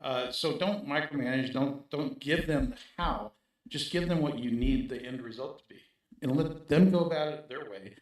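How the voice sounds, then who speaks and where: A man talks as an interview guest, pressing his points and tagging them with "right?". His voice sits at an ordinary middle pitch. The recording is very echoey, as if made in a bare room. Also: moderate pace. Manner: emphatic, repeats points with "right?". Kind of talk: casual interview talk.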